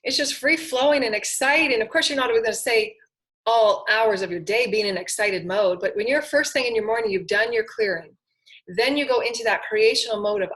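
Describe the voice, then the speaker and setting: A woman hosting a spiritual morning talk, speaking in earnest, repetitive affirmations that swell up and then drop to a soft hush. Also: a little high, brisk, low-quality recording. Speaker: spiritual channeler and host.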